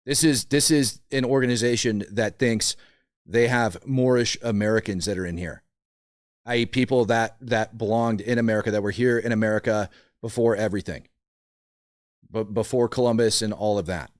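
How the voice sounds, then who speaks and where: A man's voice: fairly low pitch, normal speed, dry recording, clean studio sound. Blunt, indignant male commentary host. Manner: blunt, indignant, repeats words when fired up. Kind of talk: opinionated political commentary.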